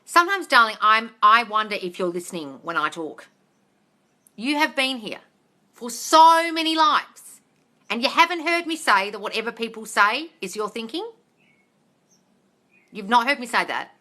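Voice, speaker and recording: A woman hosts a live Q&A from her phone or webcam, her voice sharp, bright and a little high. She is blunt and profane, peppers her answers with "darling", and tips into loud, scolding rants. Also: animated, normal speed, long pauses. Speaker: host of a live manifesting Q&A. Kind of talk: casual live Q&A, reading and answering comments. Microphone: livestream phone or webcam mic.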